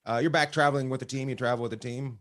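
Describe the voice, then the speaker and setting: A man co-hosting a casual podcast, wrapping up in a relaxed, easygoing way. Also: mid-range voice, very fast. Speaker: podcast co-host.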